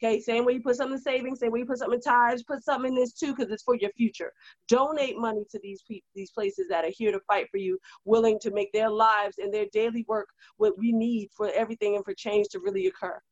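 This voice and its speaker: A woman co-hosting a casual chat, animated and rousing as she urges listeners on. Her voice sits fairly high. The recording is dull and lo-fi with a dry, close sound. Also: quick pace, no echo. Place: at a desk indoors.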